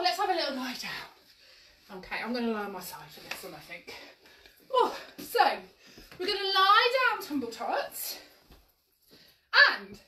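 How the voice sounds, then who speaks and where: A very high, bright woman's voice swoops up and down as she cheerfully coaches little children through stretches and jumps. She sounds a little away from the camera, in an echoey room at home. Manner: cheery, encouraging, sing-song instructions to small children. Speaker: children's exercise class leader. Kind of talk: live-streamed toddler movement class. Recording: echoey room, mic at a distance.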